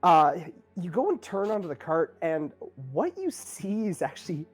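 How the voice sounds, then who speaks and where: A man's voice: sits high, very animated, normal speed, faint music behind. A man narrating a tabletop game as game master, loose and full of fillers.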